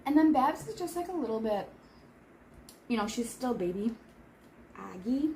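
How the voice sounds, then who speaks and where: A woman's voice: fairly high pitch, sing-song, moderate pace, mellow. Woman in her thirties, casual vlog chat, rambling with fillers, faint background hiss. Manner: chatty, rambling, frequent "like" fillers. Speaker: vlogger. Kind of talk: casual chat while eating. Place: home in Seoul.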